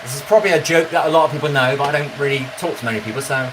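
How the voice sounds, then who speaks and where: A man's voice: mid-range voice, very fast, noisy background. A man, chatting casually with viewers on a live stream, bantering and swearing now and then. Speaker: livestreamer reading chat.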